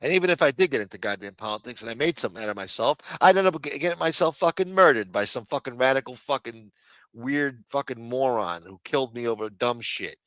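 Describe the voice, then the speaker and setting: A middle-aged man from the United States rants angrily into a streaming microphone, swearing nearly every sentence. His voice sits at an ordinary male pitch, and the sound is dry and close with no room around it. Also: expressive, fast talker, a bit bright, dry recording. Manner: profane, angry ranting. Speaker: show host. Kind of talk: ranting livestream commentary.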